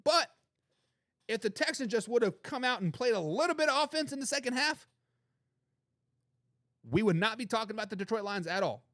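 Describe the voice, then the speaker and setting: Guy doing football talk show, animated and opinionated, high pitched, dry close mic. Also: brisk, long pauses, no echo. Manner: emphatic, animated and opinionated, repeats phrases for emphasis. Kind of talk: live-stream sports talk reading chat comments.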